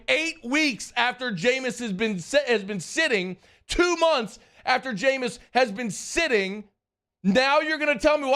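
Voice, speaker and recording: A man's voice: extremely high pitch, sharp tone, smooth. A man, hosting sports radio, ranting in a sarcastic, exasperated and emphatic way. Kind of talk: heated sports radio rant.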